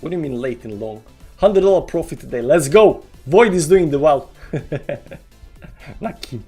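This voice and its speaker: A man with a slightly high, husky voice speaks at an unhurried pace over soft background music. He's live-streaming his crypto trades, commentating on a chart and talking to his chat, groaning in despair at losses and cheering excitedly at gains in a dramatic, self-mocking way.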